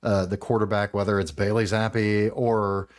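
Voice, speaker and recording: A man hosting a fantasy football podcast, talking in animated, rambling casual chat with the odd swear. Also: lowish voice, normal speed.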